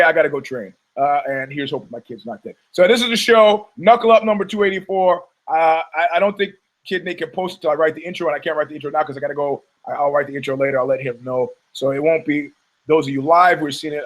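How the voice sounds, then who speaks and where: Husky, profane American man telling a story. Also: on the high side, fast talker, rough recording. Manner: profane, animated storyteller acting out quotes. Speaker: podcast host. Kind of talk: casual storytelling.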